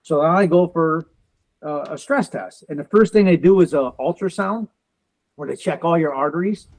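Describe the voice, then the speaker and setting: A man's voice: a little high, a little mellow, poor audio. Man in his forties telling his story. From United States. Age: 40s. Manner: quotes others in quick back-and-forth, uses car comparisons. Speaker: interview guest, veteran and police officer. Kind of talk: animated personal storytelling.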